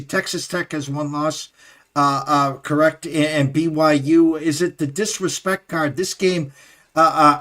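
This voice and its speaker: A man hosting a sports betting show, talking in a halting way with many fillers and stammered restarts. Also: a little high, sharp tone. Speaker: host. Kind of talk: casual sports betting talk.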